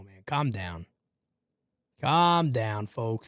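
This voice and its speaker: A man hosts a live fan broadcast of a baseball game and wanders off on profane tangents. His pitch jumps up and down constantly as he talks. The sound is dry and close to the mic. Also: normal speed, no room sound. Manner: animated, rambling, swears casually. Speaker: livestream host. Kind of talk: live fan play-by-play commentary.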